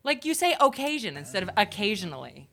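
A woman from Maine with a lowish voice, debating in playful podcast banter. Her tone is bright and her pitch moves a lot. She argues her point with cheeky conviction. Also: very animated, normal speed. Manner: opinionated, argumentative and playful. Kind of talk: casual comedic chat.

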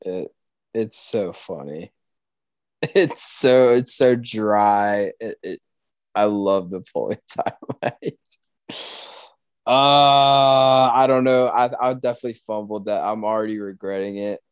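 A young man co-hosting a podcast in casual chat, animated and swearing freely, with sudden loud outcries. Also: on the low side, slow pace, clear, resonant tone, dry recording. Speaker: podcast co-host.

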